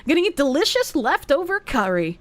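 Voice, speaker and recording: A woman's voice: sits high, sing-song, a little fast, no echo. A young woman streamer chatting casually, reading donation messages aloud, thanking supporters and swearing freely. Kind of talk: casual livestream chat.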